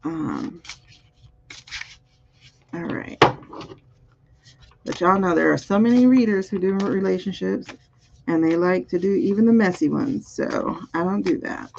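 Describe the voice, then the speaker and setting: A woman's voice: lowish voice, measured pace, gravelly, long pauses, background noise. A woman doing a live-streamed spiritual card reading, musing aloud over the cards and chatting with viewers. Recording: dull, muffled audio.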